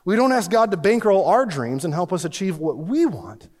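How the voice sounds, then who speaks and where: A man preaching a sermon as pastor, swinging between loud emphatic lines and hushed ones. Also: sits high, sing-song, moderate pace. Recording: long reverb of a large hall.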